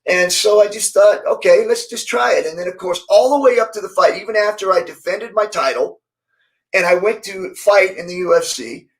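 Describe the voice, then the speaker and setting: The speaker is a middle-aged ex-fighter whose voice sits high and moves at normal speed. He tells stories in a casual interview, animatedly acting out what people said and often restarting, all captured in a low-quality recording.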